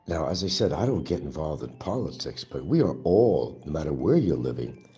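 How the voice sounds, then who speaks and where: A man's voice: a bass voice, sing-song, a little fast, mellow, faint music behind. A man hosting his own show, delivering an angry, profane and mocking monologue. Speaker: livestream host. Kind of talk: ranting political monologue.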